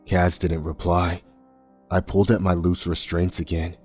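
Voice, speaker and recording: A man reading a first-person horror story in a tense, measured way. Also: low voice, level tone, husky. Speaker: narrator. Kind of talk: scripted horror narration. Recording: soft music bed under voice.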